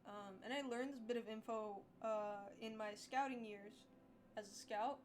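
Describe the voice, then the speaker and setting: A woman's voice: steady tone, a little slow, slight background noise. Tired, rambling young woman streamer. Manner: candid, rambling, sweary, low-key. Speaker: art streamer. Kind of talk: casual live-stream chat.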